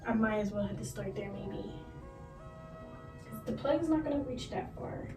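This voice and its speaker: A woman vlogging casually from her room, excitable and gushing as she talks to her viewers. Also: medium pitch, moderate pace, music in the background. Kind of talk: casual vlog chat.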